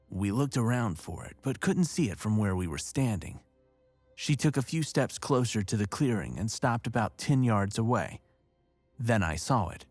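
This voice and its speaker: A man with a lowish voice tells a first-person horror story in a measured, steady way. The sound is dry and close, with faint music under the narration. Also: no echo.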